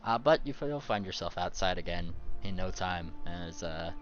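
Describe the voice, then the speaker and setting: A man narrating a tabletop game as game master, in a casual, halting way. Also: sits low, expressive, lo-fi sound, music in the background.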